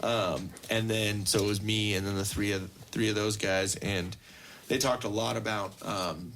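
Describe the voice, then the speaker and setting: A man's voice: on the low side, steady tone, moderate pace, a bit bright, a little hiss or hum. A young man co-hosting a casual podcast, rambling with lots of fillers and swearing freely. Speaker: podcast co-host. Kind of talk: casual chat.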